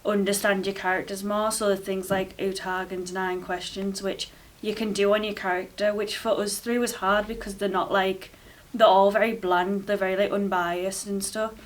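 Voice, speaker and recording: A woman's voice: medium pitch, level tone, moderate pace, few pauses, distant mic. A woman drama student explaining a project plan in rambling, filler-heavy casual talk.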